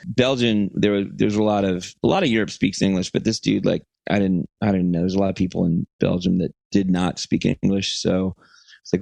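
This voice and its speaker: A man co-hosting a podcast, telling a long profane story in a rambling, animated way, acting out the quotes. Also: low-pitched, normal speed, gravelly, no room sound. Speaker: podcast co-host. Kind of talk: casual storytelling chat.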